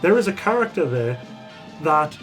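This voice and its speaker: A man with a slightly high voice recaps a bad movie as a podcast host, sarcastic and swearing freely. He speaks casually, with music playing clearly behind him. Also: big pitch swings, moderate pace. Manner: sarcastic, swears freely, laughs while retelling scenes.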